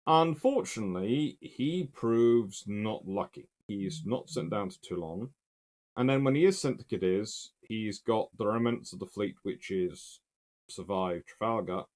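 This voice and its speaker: A man's voice: lowish voice, lively intonation, unhurried, a little mellow. A man giving a casual, emphatic spoken history lecture in a conversational way.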